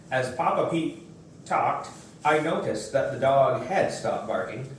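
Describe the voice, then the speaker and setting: A man slowly reading a children's book aloud at home, recorded from a distance. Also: medium pitch, lively intonation. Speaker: reader. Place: room at home. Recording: echoey room, far from mic, faint noise.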